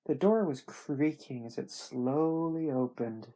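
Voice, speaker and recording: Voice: mid-range voice, slow pace, warm tone. A reader casually reading a book aloud, breaking off for chatty, self-deprecating asides.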